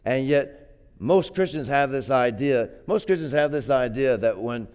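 A man's voice: mid-range voice, lively intonation, unhurried, a little mellow, smooth. A man preaching a sermon in a conversational way, often repeating words and building to emphatic peaks. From grew up poor.

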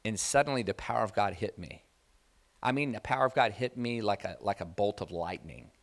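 A man preaching a sermon, telling a personal testimony in a conversational, animated way that builds to loud, emphatic preaching. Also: lowish voice, brisk, gravelly.

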